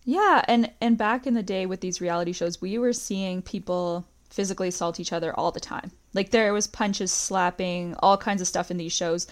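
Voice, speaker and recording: A woman's voice: on the low side, normal speed, hardly any pauses. A woman hosting a podcast, casually recapping a reality show, talking with lots of "like" and quoting scenes. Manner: chatty, recounts scenes with quoted lines, frequent "like". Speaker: podcast host.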